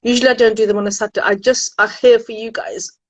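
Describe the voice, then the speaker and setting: A woman's voice: on the high side, fast talker, dry recording, low-quality recording. A woman who works as a university admissions consultant, chatting animatedly with viewers on a live stream from home. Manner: chatty and animated, frequent exclamations.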